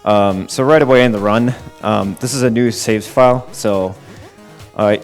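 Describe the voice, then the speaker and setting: A man with a lowish voice patiently walks through what is happening in a speedrun, peppering it with "um"s. Faint music plays behind him. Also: normal speed. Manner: explanatory, many "um" fillers. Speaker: game commentator. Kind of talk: casual live speedrun commentary.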